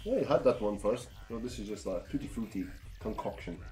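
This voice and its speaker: A man's voice: lowish voice, expressive, a little fast, warm tone, faint music behind. A man co-reviewing a vape product in a practical, matter-of-fact way. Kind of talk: casual review chat.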